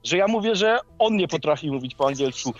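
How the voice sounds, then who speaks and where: A man's voice: fairly high pitch, lively intonation, fast. A man whose first language is Polish, arguing and swearing constantly in a heated casual chat. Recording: muffled lo-fi with faint music.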